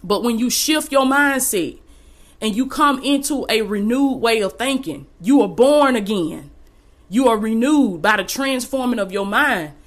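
A woman's voice: on the high side, animated, a little slow. A woman giving a faith-based motivational talk, exhorting listeners in a casual, colloquial way and repeating phrases for emphasis. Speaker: motivational speaker.

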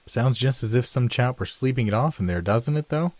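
A man voicing a blunt, jokey young male student who talks briskly and impatiently. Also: medium pitch, expressive, darkish tone, dry recording, pitched above the performer's own voice, natural voice. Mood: brusque.

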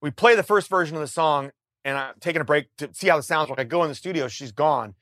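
A middle-aged man, a musician guest, telling a story in a casual, animated way, swearing freely and restarting his sentences. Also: on the high side, fast, no room sound, studio quality. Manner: animated, profane, frequent restarts.

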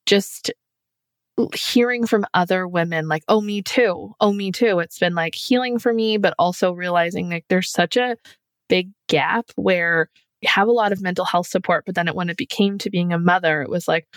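A woman's voice: lowish voice, normal speed, dry recording. A woman talking candidly on a podcast about her own experiences, in a reflective manner with many casual fillers. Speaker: podcast guest. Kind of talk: casual conversation.

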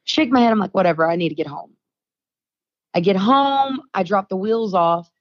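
A young adult woman, guesting on a podcast, tells a story in casual chat and acts out the quoted dialogue. Her mid-range voice is animated and moves at a normal speed. The recording sounds dull, dry, and lo-fi.

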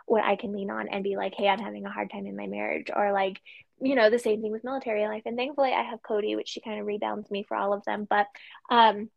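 A woman, a military spouse, chatting casually on a podcast in a lively way, laughing often and acting out what people say. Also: mid-range voice, fast talker, vocal fry, dry recording, muffled recording. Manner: lively, acts out quoted voices, laughs often.

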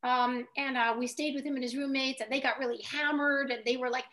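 A woman, a writer and guest on an interview show, telling stories in a chatty, halting way with many restarts. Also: sits high, steady tone, a bit bright. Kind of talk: casual interview talk.

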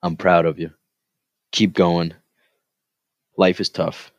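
A man's voice: low-pitched, flat delivery, slow pace, no echo. A man hosting a solo podcast, rambling casually and earnestly, with lots of fillers, urging listeners to keep going. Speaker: podcast host.

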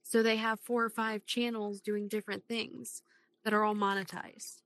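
A woman's voice: mid-range voice, little pitch movement, normal speed, a bit bright, no echo, rough recording. A woman guest on a podcast, chatting casually and explaining at length.

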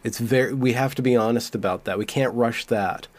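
Measured male interviewer. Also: mid-range voice, darkish tone, no echo. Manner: thoughtful, measured questions with restarts. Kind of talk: interview questions.

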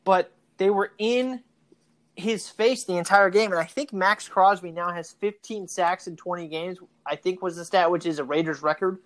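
Brief: animated co-host, chatty sports analysis, long-winded, mid-pitched. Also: moderate pace. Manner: chatty, animated, argues points at length. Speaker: podcast co-host. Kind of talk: casual sports talk.

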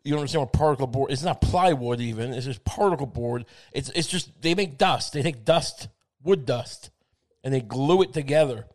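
A man's voice: mid-range voice, moderate pace, lightly acted. A man voicing a scornful know-better friend. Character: scornful male woodworking friend, condescending.

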